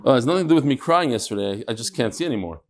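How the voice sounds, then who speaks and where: A middle-aged man hosting and teaching a lively, joking Talmud class to a live group, mixing English with Hebrew and Aramaic terms. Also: medium pitch, racing. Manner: animated, jokey, switching between English and Hebrew-Aramaic terms.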